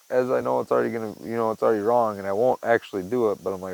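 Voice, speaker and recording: A man in his garage talking casually to his viewers, rambling and swearing, and cooing at his cat in a high voice. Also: fairly even intonation, racing, gravelly, hardly any pauses, a little mellow, rough recording. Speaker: vlogger. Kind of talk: casual monologue to camera.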